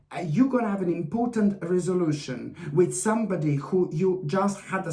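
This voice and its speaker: An effusive tarot reader talks straight to the viewer, circling back and repeating key points with fond, gushing emphasis. The voice sits at a middling pitch, and the room adds a noticeable echo around it. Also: a little mellow. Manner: effusive, repetitive, addresses the viewer fondly. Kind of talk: weekly horoscope tarot reading to camera. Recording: roomy echo.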